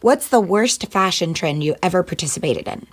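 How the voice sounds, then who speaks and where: Animated woman firing quick questions. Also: on the low side. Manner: upbeat, brisk questioning. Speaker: interviewer. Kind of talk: rapid-fire interview questions.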